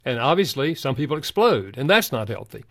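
A man's voice: medium pitch, big pitch swings, brisk, creaky, no room sound, studio quality. An older man, a guest counselor in a Christian radio interview, telling stories in an earnest way. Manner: earnest storytelling.

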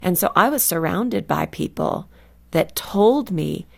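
A woman's voice: fairly low pitch, expressive, unhurried, creaky. A woman author, a guest on a Christian radio show, telling personal stories in a conversational way with fillers. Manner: warm storytelling, with fillers.

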